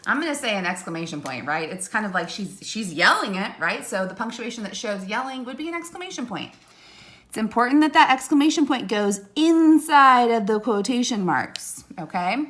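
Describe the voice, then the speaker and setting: A woman's voice: a little high, a bit bright. A woman teacher giving a recorded video lesson to young students, explaining step by step and often checking in with "okay?" and "right?".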